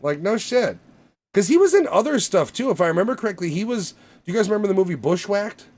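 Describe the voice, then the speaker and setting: A man co-hosting a movie podcast, chatting casually and telling rambling stories with plenty of swearing. His voice swings widely in pitch and sits a bit high for a man. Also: quick pace. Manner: animated, swears freely, rambling storyteller. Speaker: podcast co-host. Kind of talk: casual chat.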